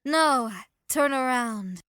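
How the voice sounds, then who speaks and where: A woman's voice: sits high, expressive, very slow, a bit bright, slight background noise, exaggerated voice. A woman voicing a bossy, dominant female leader in an audiobook, giving firm commands. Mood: commanding. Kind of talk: erotic audiobook character voice.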